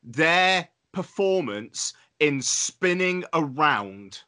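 Bright-voiced guy rambling on a podcast, swears a lot, very emphatic. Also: fairly high pitch, animated, very slow. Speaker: podcast co-host. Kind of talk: casual podcast banter.

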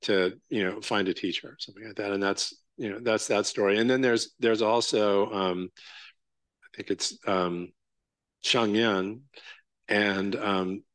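Low-voiced man giving a casual dharma talk. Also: steady tone, fairly bright tone, no room sound. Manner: casual, halting, full of fillers and "right?" checks. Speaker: Zen teacher.

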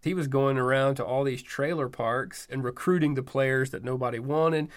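A man's voice: medium pitch, steady tone, normal speed. A man telling a personal story in a wry, self-deprecating, conversational way, full of casual fillers. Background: music score.

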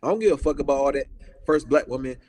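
A man's voice: mid-range voice, fast, darkish tone, long reverb tail, a little hiss or hum. A man in his thirties ranting in casual talk, heated and profane, repeating his points with emphasis. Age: 30s. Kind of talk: casual political rant.

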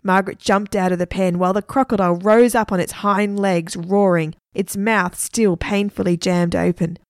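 A woman storyteller reading a children's adventure story aloud with lively expression. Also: medium pitch, moderate pace, no room sound, studio quality.

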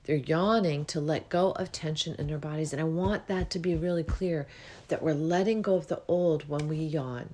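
A woman hosting a spiritual podcast, talking alone in a relaxed, meandering way and yawning often as she goes. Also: sits low, moderate pace. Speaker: podcast host.

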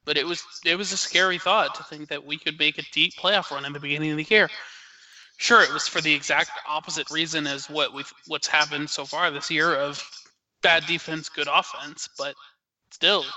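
A man's voice: on the high side, steady tone, moderate pace, bright, forceful tone, rough recording. A man co-hosting a casual sports podcast, speaking bluntly and dryly. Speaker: podcast co-host.

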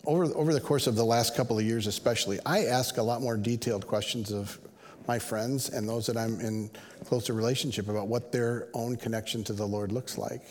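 A man's voice: mid-range voice, fairly even intonation, fairly quick, a little mellow, slight background noise. Man, middle-aged pastor, conversational sermon, earnest, long church-hall reverb. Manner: conversational, earnest, acts out quoted voices.

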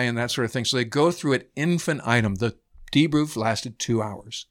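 A man in his fifties, a former naval aviator, tells stories on a podcast in an easy, rambling way, scattering fillers and casual swearing. His voice sits at an ordinary middle pitch, and the recording is plain and close. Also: brisk. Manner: relaxed and anecdotal, swears casually, many fillers. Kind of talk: casual storytelling chat.

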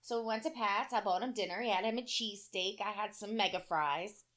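A woman's voice: medium pitch, a little fast, fairly bright tone. A woman in her thirties co-hosting a casual chat, telling a brash story full of curses and acted-out quotes. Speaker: podcast co-host.

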